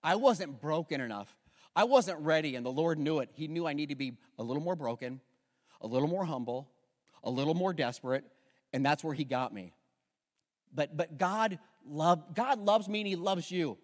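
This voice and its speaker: A man preaching a sermon as pastor, passionate, moving from hushed, intimate moments to loud emphatic lines. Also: on the high side, animated, normal speed, long reverb tail. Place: church sanctuary.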